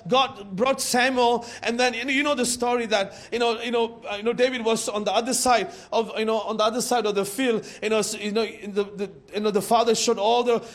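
A man preaching a sermon to his church, swinging from loud shouts to quiet asides, with many fillers and restarts. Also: very high-pitched. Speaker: pastor.

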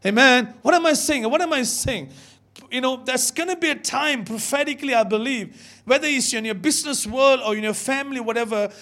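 A man's voice: very high-pitched, fairly quick. A young man preaching a sermon, telling a story with emphatic repetition and calling out to the congregation. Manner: animated, emphatic, repeats words, calls out to the congregation. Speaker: pastor.

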